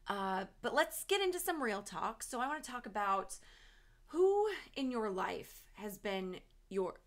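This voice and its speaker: A woman co-hosting a podcast, chatting casually and warmly with lots of fillers. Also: mid-range voice, big pitch swings, a little slow. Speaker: podcast co-host. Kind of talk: casual chat.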